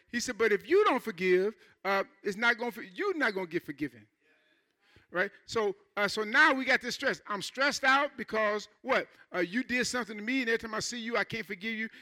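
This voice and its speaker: The pastor's voice sits high, bright and forceful, while he preaches in a relaxed, conversational style with fast asides impersonating his congregation.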